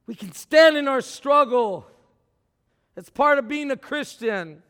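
A man preaching a sermon in a very high voice. He swings from shouted lines down to near-murmured ones and often stumbles into repeated words. His voice carries a long hall reverb from the church. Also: normal speed, smooth. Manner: swings from shouting to low, quiet talk; repeats words, stammers on restarts.

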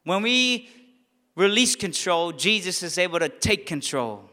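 A man preaching a sermon as a pastor, passionate and rising to near-shouts on key lines. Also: high voice, expressive, measured pace, big-room sound.

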